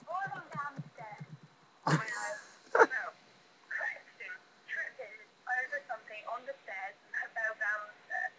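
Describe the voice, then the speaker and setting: Bright-voiced young woman, matter-of-fact. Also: fairly high pitch, expressive, measured pace, a little hiss or hum, low-quality recording. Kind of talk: casual chat.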